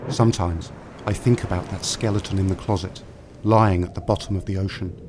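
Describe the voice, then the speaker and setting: A man narrating a scripted horror story in a quiet, measured way. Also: deep voice, steady tone, background noise. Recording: narration over music underscore. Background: music.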